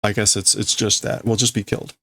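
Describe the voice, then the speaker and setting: A man learning Japanese streams as he reads a comic aloud and works out the translation, hesitant and full of filler words. His lowish voice is brisk, bright, and forceful yet flat in delivery, recorded studio-clean with no room sound.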